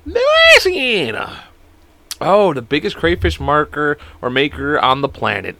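A man's voice: mid-range voice, animated, moderate pace, creaky, pushed and bright, a little hiss or hum. A young man in his twenties hosting a solo podcast, rambling and joking with constant swearing. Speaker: podcast host. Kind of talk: casual solo podcast chat.

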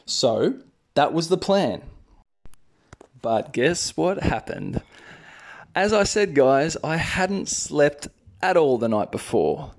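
An Australian man in his thirties, a podcast host and English teacher, telling a personal story in a chatty, animated way. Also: slow, pauses often. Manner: chatty, animated, raises pitch for quoted voices. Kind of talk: casual storytelling.

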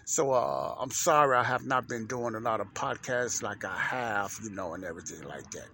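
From inside a truck parked at work, a man who is a minister delivers a casual podcast monologue in a lowish, pushed, bright voice at a moderate pace, with slight background noise. He rambles and repeats himself with many fillers and restarts, folksy and religious in tone, dropping asides and often saying "Lord's willing."

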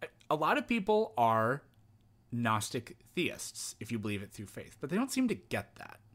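A man chatting as a podcast guest, thoughtful and calm, often restarting his sentences. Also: medium pitch, normal speed. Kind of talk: casual conversation.

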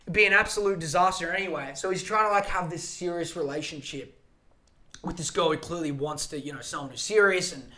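A man's voice: a little high, fairly quick, pushed and bright. A man hosting a podcast alone, ranting in a profane, rambling, emphatic way. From Australia. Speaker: podcast host. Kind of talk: solo podcast rant.

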